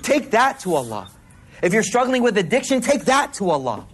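A man preaches a sermon, keeping it loose, slangy and conversational with playful asides. His voice sits a little higher than most men's. A faint hum of room ambience lies underneath. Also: huge pitch swings, normal speed. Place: hall with a live congregation.

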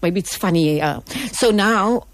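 A woman guest on a radio talk show, telling a personal story in a lively way and acting out the dialogue. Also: on the low side, measured pace, dry recording. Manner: animated, acts out quoted dialogue.

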